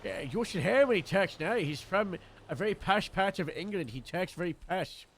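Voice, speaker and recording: A man's voice: high voice, animated, moderate pace, fairly bright tone, slight background noise. A man roleplaying a police lieutenant, hesitant and full of fillers as he explains things in character. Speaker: streamer playing a police lieutenant.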